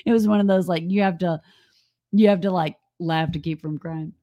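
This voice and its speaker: A woman's voice: fairly low pitch, fairly even intonation, moderate pace, dull audio. A woman co-hosting a live stream, chatting and telling stories, laughing often. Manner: chatty storyteller, laughs often, says y'all. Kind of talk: casual chat.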